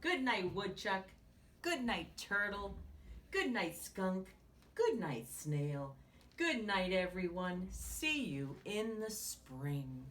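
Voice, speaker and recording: A woman voicing a small excited ladybug who calls out in a high, shouting voice. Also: slow, far from the mic, a little hiss or hum. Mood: gentle.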